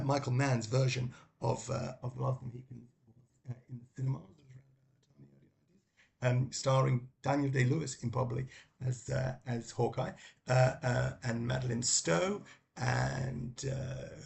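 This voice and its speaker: A man's voice: medium pitch, fairly even intonation, normal speed, gravelly. A middle-aged man casually recommending books, talking in a rambling way with many ums and restarts. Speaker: book vlogger.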